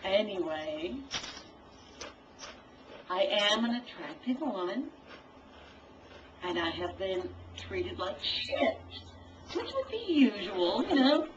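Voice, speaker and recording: This voice chat participant speaks slowly in a sing-song, mid-range voice, pausing often as she lectures through a heated, profane rant. The computer mic captures her distantly, with dull lo-fi sound and faint hiss.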